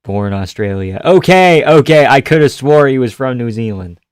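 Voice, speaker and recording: Profane streamer yelling fight reactions. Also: male voice, lowish voice, normal speed, smooth, no room sound, clean studio sound. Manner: casual, profane, answers chat, yells at big moments. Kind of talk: live fight reaction commentary.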